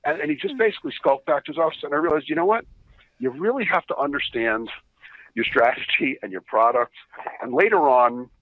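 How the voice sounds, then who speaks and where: A man, a podcast guest, telling animated, profane stories with laughing asides, in a dull lo-fi recording. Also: a little high, brisk, dry recording. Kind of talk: casual storytelling.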